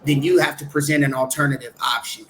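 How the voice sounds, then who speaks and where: A man's voice: mid-range voice, steady tone, fairly bright tone, slight background noise, poor audio. A man appearing as a guest on a casual podcast, politely and carefully explaining his view on relationships. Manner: polite and measured, reasons things through. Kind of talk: casual chat.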